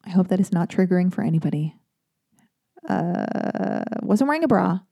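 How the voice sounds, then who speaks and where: A woman's voice: lowish voice, animated, moderate pace, creaky, dark tone. A woman hosting an advice segment who answers a listener letter in casual chat, candid and self-deprecating, wandering into long digressions and swearing freely.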